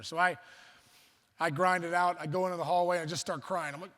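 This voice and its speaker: A man with a high, bright voice tells a funny story at a luncheon. He talks animatedly and acts out the voices, now and then breaking into loud outbursts. The sound carries a long reverb from the hall. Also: fast. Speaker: luncheon speaker. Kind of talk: humorous storytelling speech. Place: banquet hall.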